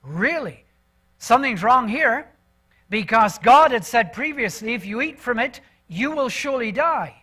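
A man with a high-pitched voice delivers a sermon in a church. He talks in an easy, animated way. He keeps asking the congregation questions. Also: unhurried, husky. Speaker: preacher.

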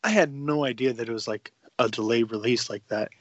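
A man's voice: mid-range voice, fairly quick, no room sound, muffled recording. A young man, a podcast co-host, telling a long, laid-back, profane story in casual chat and acting out the lines he quotes.

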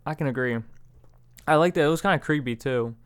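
Smooth-voiced young man saying "bro" a lot. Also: on the high side, quick pace. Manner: slangy, says "bro" a lot, swears. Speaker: podcast co-host. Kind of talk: casual chat.

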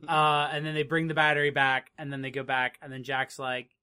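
Rambling young man, bright voice. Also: mid-range voice, monotone, a little fast, smooth. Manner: rambling, laid-back, swears casually. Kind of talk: casual chat recapping a TV episode.

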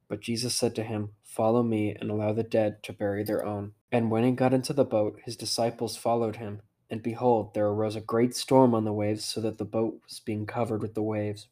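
Man reading scripture in a low, even voice. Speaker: scripture reader. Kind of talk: steady scripted Bible reading.

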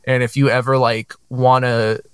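A man's voice: medium pitch, level tone, moderate pace, clear, resonant tone, no echo. A man co-hosting a podcast, chatting in a friendly, rambling way with many fillers. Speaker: podcast co-host. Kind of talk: casual chat.

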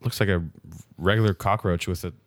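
A man's voice: low voice, steady tone, a little fast. Exasperated man in a comedy sketch. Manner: exasperated, wary, dry reactions. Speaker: comedic performer.

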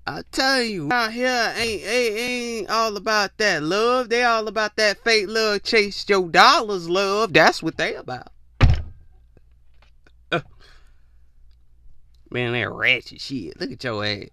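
A man hosting a podcast, ranting in a casual, profane, animated way and slipping into mock voices. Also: high voice, slow, pauses often, clear, resonant tone. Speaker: podcast host. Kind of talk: casual opinion rant.

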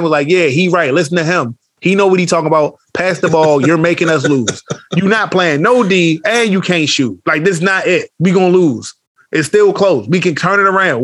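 Fast-talking man telling animated stories. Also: a little high, no echo, clean studio sound. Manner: animated storytelling, acts out quotes, heavy slang and swearing. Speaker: podcast co-host. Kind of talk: casual chat.

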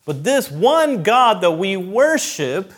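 A man delivers a sermon in a fairly high voice. He is emphatic, presses his points by repeating them, and swings between loud, raised lines and quiet, low ones. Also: sing-song, slow pace. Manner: emphatic, repeats key phrases, rises and drops in loudness. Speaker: preacher.

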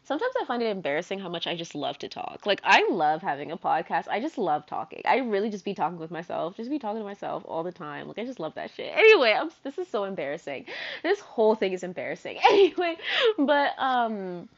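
A young woman in her twenties hosting a podcast, telling stories in a chatty, animated way, full of "like" and asides. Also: mid-range voice, fast. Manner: chatty, animated, filler-heavy with frequent "like". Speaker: podcast host. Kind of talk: casual storytelling monologue. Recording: dull lo-fi sound.

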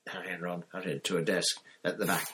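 A low-voiced man narrating a storybook in a plain, unhurried reading. He carries on steadily through the odd slip. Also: flat delivery, bright, forceful tone, slight background noise. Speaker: reader.

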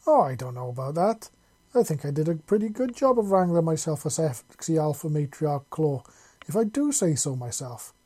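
A man's voice: fairly high pitch, big pitch swings, moderate pace, warm tone. A man voicing a cheeky young human man who jokes breathily. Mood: joking. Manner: joking, breathy.

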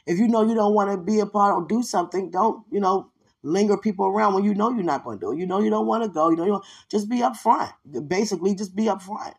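A woman pours out a devotional testimony with fervor, rambling and circling back through fillers. Her voice is breathy and husky at a middling pitch. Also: fast, darkish tone. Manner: fervent and rambling, with many fillers. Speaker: podcast host giving a testimony.

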